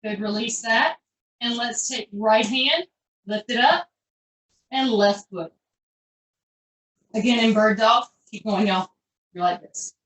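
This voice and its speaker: Heard from a distance in an echoing room, a woman instructs a live online pilates class with upbeat, chatty encouragement and folksy turns of phrase as she names each move. Her fairly high, slightly bright voice takes its time and pauses often.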